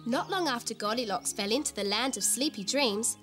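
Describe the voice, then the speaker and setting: A woman's voice: fairly high pitch, lively intonation, brisk, fairly bright tone, faint music behind. A woman hosting a children's TV show, telling a fairy tale in a giggly, sing-song way. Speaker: storyteller host. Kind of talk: children's TV storytelling.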